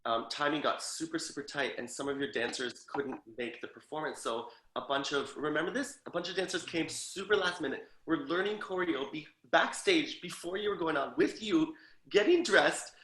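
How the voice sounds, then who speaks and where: A man's voice: on the high side, normal speed, a bit bright. A man hosting a podcast interview, asking questions and recalling shared stories with fond enthusiasm and frequent laughter. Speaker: podcast host. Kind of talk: casual interview chat. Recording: echoey room.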